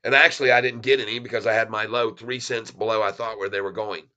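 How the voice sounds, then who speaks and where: A man's voice: fairly low pitch, fairly even intonation, fast talker, pushed and bright, dull audio. A man hosting a casual stock livestream, chuckling often as he reads the chat aloud and talks straight to viewers.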